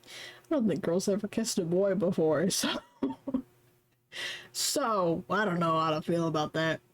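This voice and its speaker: A woman's voice: on the low side, unhurried. A young woman streaming a story game live, chatting casually, giggling, swearing freely and reading the story text aloud.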